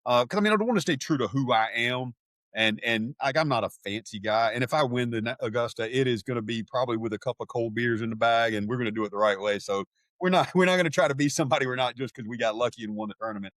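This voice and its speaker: A man's voice: mid-range voice, quick pace, a bit bright, no room sound. Rambling, hesitant man, close dry mic. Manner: rambling, hesitant, lots of restarts and fillers. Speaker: podcast co-host. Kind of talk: casual chat.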